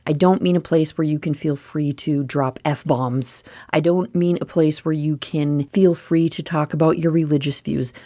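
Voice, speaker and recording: A middle-aged woman hosting her own podcast, talking casually and laughing, with sudden high squeals of delight. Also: darkish tone, no echo, studio quality. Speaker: podcast host. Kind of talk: casual solo podcast talk.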